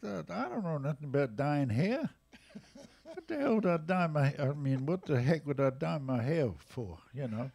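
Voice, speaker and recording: A man in his eighties with an English accent, casually telling jazz stories at a live museum event, lively and animated in his retelling. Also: fairly high pitch, normal speed, vocal fry. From England. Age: 80s. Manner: lively, animated retelling with raised voices for quotes. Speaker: jazz drummer and storyteller guest. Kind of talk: casual anecdotal storytelling.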